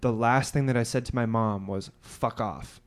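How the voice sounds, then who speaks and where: A man's voice: mid-range voice, a little fast, smooth. A man on a podcast telling a long story in casual chat, rambling with many fillers and restarts. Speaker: podcast co-host.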